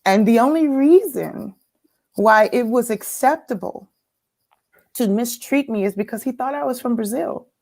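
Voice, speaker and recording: A woman's voice: on the high side, a little slow, creaky, a little mellow. A woman from California, telling a personal story as a guest speaker in a reflective, earnest way. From California, United States. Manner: reflective, earnest, with some laughter.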